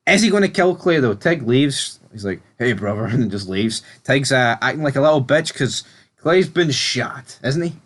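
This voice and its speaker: A man talks through a TV episode on a casual review podcast. His voice sits at an ordinary middle pitch, and his delivery is laid-back, with sweary asides. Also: expressive, moderate pace. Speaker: podcast co-host.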